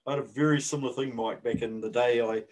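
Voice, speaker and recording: A man's voice: mid-range voice, steady tone, quick pace, darkish tone, low-quality recording. A man with a New Zealand accent co-hosting a podcast, chatting casually and rambling with lots of fillers. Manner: rambling, hesitant with many fillers. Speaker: podcast co-host. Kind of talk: casual chat.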